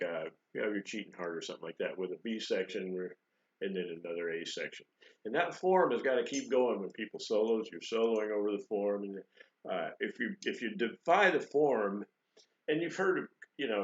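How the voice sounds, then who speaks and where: Brief: low-voiced New man, joking guitar teacher, roomy lo-fi recording. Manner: rambling, joking, with frequent fillers and restarts. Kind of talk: casual spoken guitar lesson. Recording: echoey room, dull lo-fi sound.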